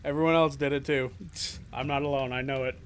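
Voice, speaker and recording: A man's voice: medium pitch, fairly even intonation, brisk, a little hiss or hum. A man streaming a game, joking casually and talking both to the characters and to his chat. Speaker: gaming streamer. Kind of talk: casual live gameplay commentary.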